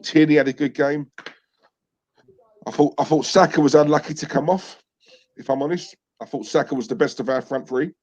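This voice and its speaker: A man's voice: fairly high pitch, steady tone, a little fast, long pauses, darkish tone. A man hosting a casual football chat, talking frankly, sighing and saying "let's be honest" again and again. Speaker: fan channel host. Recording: dull, lo-fi sound.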